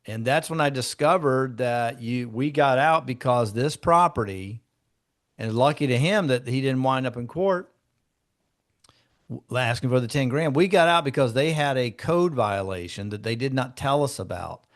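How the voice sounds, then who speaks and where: A man's voice: mid-range voice, animated, normal speed. A man who is a real estate broker, leading a training session for a group and teaching through conversational stories from his own deals. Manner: conversational, acts out client dialogue in shifting tones. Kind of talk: instructive storytelling to a group.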